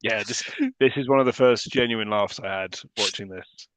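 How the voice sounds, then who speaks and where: A man co-hosts a casual podcast about a film, dropping dry, wry remarks. His voice sits at a mid pitch. The recording is dry and close. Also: moderate pace, fairly bright tone, smooth, dry recording. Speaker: podcast co-host.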